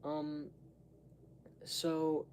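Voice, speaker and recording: A man's voice: a little high, completely flat delivery, extremely slow, a little mellow, slight background noise. A young man talking casually to the camera, rambling through digressions with lots of fillers and asides. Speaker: vlogger.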